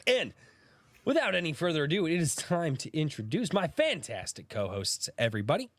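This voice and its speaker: Animated man with a sick, scratchy throat. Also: on the high side, a little fast, no room sound. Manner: animated, greets chat by name, laughs through coughs. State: sick with a sore throat and cough. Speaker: podcast host. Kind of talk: casual livestream chat.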